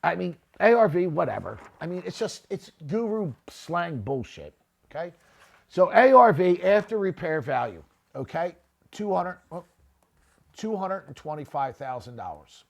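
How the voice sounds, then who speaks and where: A man's voice: high-pitched, sing-song, moderate pace, vocal fry. A middle-aged man hosting a real estate podcast, giving blunt, profane, unscripted commentary and often tagging his points with "okay?". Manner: grows louder and more heated, shouting at times.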